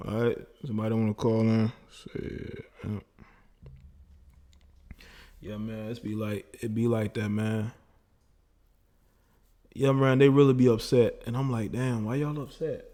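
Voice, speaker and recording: A man's voice: on the low side, flat delivery, unhurried, pauses often, dark tone. A man hosting a casual call-in livestream, boastful and laughing as he talks to his chat and callers. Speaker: livestream host taking call-ins.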